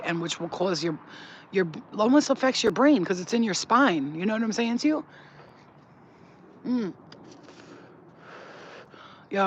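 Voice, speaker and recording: A man's voice: high voice, fairly bright tone, dull audio, slight background noise. A man in a casual livestream chat, giving spiritual readings in a blunt, chatty way and swearing freely.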